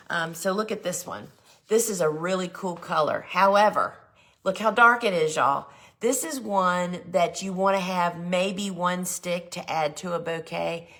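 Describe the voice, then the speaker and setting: This woman's voice is low, gravelly and fairly bright as she hosts a live gardening show about flowers. She displays seed sets in a chatty, upbeat shopping chat, frequently saying "y'all."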